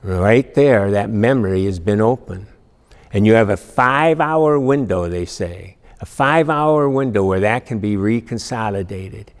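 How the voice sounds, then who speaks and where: In a large hall, a man with a lowish, expressive voice teaches an emotional resilience class at a measured pace. He reads a story aloud, speaking earnestly and putting questions to the class like a lecture.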